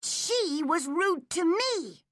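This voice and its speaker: A woman voicing a fierce, hurt red-haired orphan girl who shouts through tears in a storybook reading. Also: extremely high pitch, lively intonation, extremely slow, dry recording, clean studio sound, pitched above the performer's own voice, full character voice. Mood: hurt, stubborn.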